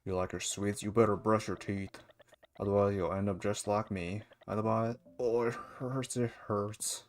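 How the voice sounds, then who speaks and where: A man's voice: lowish voice, flat delivery, normal speed, slight background noise, close to an everyday voice. A man reading the lines of an old man who groans about his aching teeth and scolds a girl. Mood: complaining.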